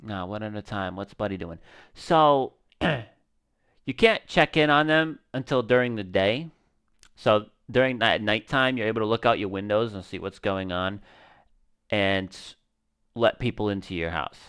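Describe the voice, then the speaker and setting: A man giving casual gaming commentary, animated and slangy, swearing and talking to his viewers. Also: fairly low pitch, unhurried, clear, resonant tone. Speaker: gaming streamer.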